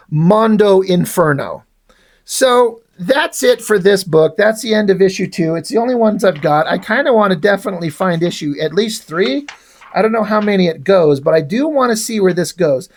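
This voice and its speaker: A man casually reviewing a comic book, rambling, blunt and swearing freely. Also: high voice.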